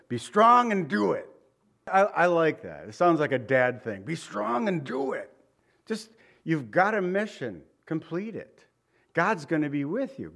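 A man preaching a sermon as pastor, earnest and conversational, stressing points by repeating them. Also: medium pitch.

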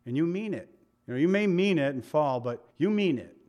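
A man's voice: on the high side, expressive, a little fast, a little mellow, dull audio. A middle-aged male pastor preaching a conversational sermon, often putting questions to his listeners. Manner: conversational, asks the congregation questions.

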